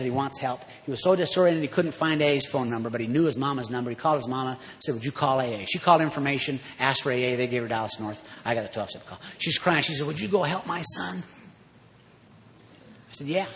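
A man's voice: mid-range voice, fast talker, slight background noise. Folksy man in echoing hall. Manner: folksy, emphatic, rising to loud exhortation. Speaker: recovery speaker. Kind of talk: storytelling talk to an audience. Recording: hall reverb.

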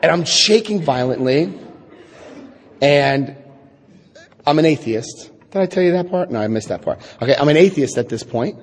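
Middle-aged man, husky voice, animated testimony talk, echoey hall. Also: medium pitch, moderate pace. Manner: animated storyteller, acts out quotes, wry asides. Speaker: speaker telling his recovery story. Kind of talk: personal testimony talk to an audience.

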